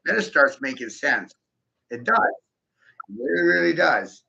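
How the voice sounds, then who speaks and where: Brief: male vlogger, piercing tense tone with some gravel, giggly profane rant, dull lo-fi audio. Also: mid-range voice, animated, normal speed, pushed and bright. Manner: profane, giggly, keeps breaking into laughter; rhetorical, addresses the listener directly. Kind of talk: rambling stream-of-consciousness monologue. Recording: dull lo-fi recording.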